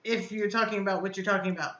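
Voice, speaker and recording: Her mid-range voice comes across bright and forceful as this vape reviewer hosts a casual live chat, answering her viewers' comments aloud with effusive energy. The room is echoey and the audio sounds dull.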